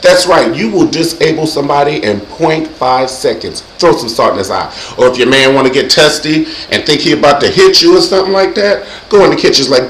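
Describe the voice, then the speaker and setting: A man hosting his own show, giving comedic safety advice in a sassy, animated way and acting out loud yells. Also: fairly high pitch, a little fast, hardly any pauses, reverberant, a little hiss or hum, rough recording. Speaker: vlog host.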